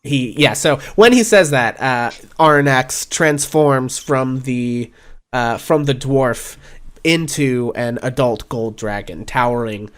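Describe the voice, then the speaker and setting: A man narrating a tabletop game as game master, relaxed and halting with many fillers. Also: medium pitch, clear, resonant tone.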